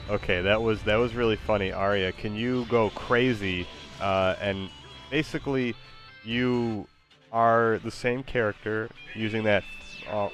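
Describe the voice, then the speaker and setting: Laid-back man with a lowish voice. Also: a bit bright. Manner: laid-back, hesitant with fillers, amused. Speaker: user prompting an AI. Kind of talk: casual chat.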